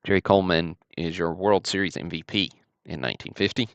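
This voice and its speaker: Deep gravelly man, livestream host. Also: brisk, no room sound, muffled recording. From Alabama. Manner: easygoing, chatty running commentary. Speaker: host of a card-break livestream. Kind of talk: casual livestream commentary.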